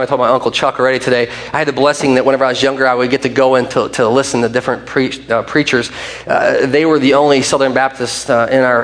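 A man pastor giving a casual, rambling sermon in a folksy way, often restarting and adding asides. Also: medium pitch. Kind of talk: conversational sermon. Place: church sanctuary.

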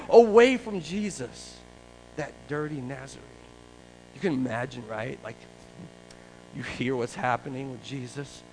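A man pastor preaching a sermon in a conversational, animated storytelling way. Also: a little high, a little hiss or hum, poor audio.

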